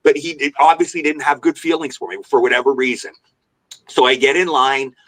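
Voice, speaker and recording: A man as a podcast guest, telling an animated, rambling anecdote in a storytelling way and repeating himself. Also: mid-range voice, fairly quick.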